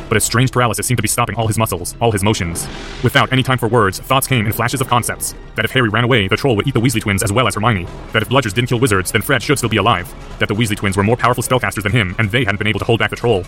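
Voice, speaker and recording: A man reads a story aloud at a very fast clip, intense and driven. His voice sits on the low side. Soft music plays under the narration. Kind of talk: audiobook narration of fan fiction.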